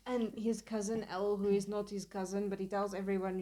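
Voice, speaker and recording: A woman's voice: mid-range voice, little pitch movement, fairly quick, dark tone. A woman who works as a book editor, talking with gushing enthusiasm in a casual podcast chat about a novel.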